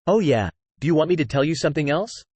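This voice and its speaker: A man's voice: a little high, expressive, quick pace, darkish tone, no echo. A man reading a sneering, mocking young woman. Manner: mocking, provocative. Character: cold sneering young woman taunting a rival.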